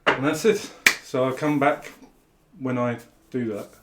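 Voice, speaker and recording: A man chatting casually as he brews and pours his own beer in a home bar shed, relaxed and asking tag questions. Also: medium pitch, a little slow, heavy background noise. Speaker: home brewer. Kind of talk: casual how-to chat. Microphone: camera mic, held by a helper.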